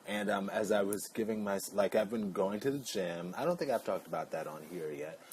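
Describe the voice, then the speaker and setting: Man, very low voice, chatty vlogger, rambling tangents, playful asides, faint background noise. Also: fairly quick, darkish tone. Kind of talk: casual chat.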